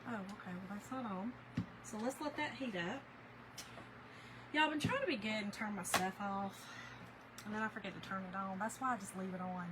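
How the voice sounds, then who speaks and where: A woman hosting a crafting livestream, chatting with viewers in an animated, storytelling way while she works. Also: medium pitch, a little fast, long pauses, very noisy. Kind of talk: casual chat while crafting, reading viewer comments.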